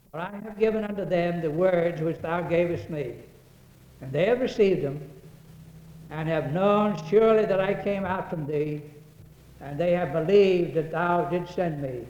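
A man preaching a sermon, quoting scripture in old-fashioned wording and getting louder on the verses. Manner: rises in pitch and volume on quoted verses, hesitant restarts between. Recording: echoey hall, dull lo-fi sound.

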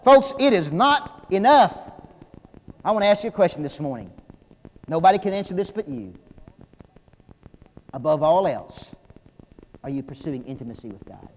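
A middle-aged man delivers a sermon in a chapel, his voice high. He is animated, pokes fun at himself, and keeps calling the congregation folks. Long reverb trails his words. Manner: animated, self-deprecating humor, addresses audience as folks. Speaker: preacher.

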